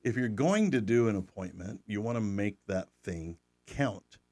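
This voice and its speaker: A man's voice: on the low side, animated, normal speed, a little mellow. A man, hosting a podcast in a folksy, joking way. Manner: folksy, joking, restarts often. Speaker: podcast host. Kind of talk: casual podcast chat.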